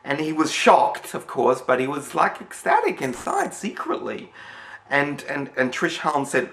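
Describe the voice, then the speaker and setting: Aussie guy rambling thru a story, gravelly voice, echoey room. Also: fairly high pitch, huge pitch swings, measured pace, a bit bright. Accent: Australian. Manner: rambling, many fillers and restarts. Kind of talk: casual spoken storytelling. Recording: roomy echo.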